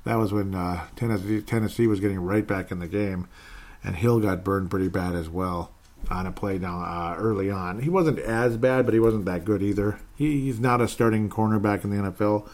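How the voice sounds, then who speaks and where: Low-voiced man, chatty podcast host. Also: normal speed, a little mellow. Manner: chatty and joking, laughs often. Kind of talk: casual chat reading listener comments.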